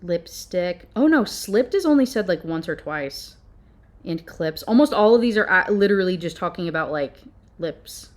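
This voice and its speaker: A woman's voice: fairly low pitch, animated, moderate pace. Sarcastic woman ranting about a book. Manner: sarcastic, exasperated. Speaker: book reviewer. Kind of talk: reading a novel aloud with rant commentary.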